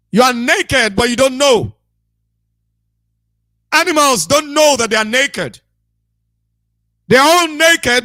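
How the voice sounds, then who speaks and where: High, bright-voiced preaching man. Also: dry recording, clean studio sound. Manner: repetitive, emphatic, scolding. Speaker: radio broadcaster. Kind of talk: preaching monologue.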